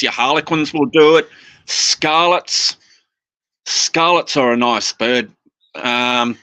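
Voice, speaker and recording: A man's voice: medium pitch, sharp tone, dry recording. A man chatting as a guest about his parrots, rambling with restarts and mimicking his birds' phrases, talking into a phone. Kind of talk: casual chat.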